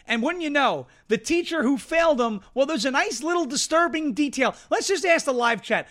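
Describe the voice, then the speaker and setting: A man's voice: very high-pitched, a bit bright. A man hosting a live political commentary stream, brash and mocking as he jumps from topic to topic. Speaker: show host.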